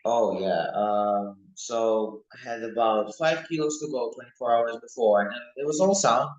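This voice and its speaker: A young man, a mixed martial arts fighter, talking casually and excitedly in an interview, rambling from one thought to the next. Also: medium pitch, unhurried, highs cut off. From United Kingdom. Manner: rambling, excitable, animated when recalling fights. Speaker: MMA fighter, interview guest. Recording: echoey room.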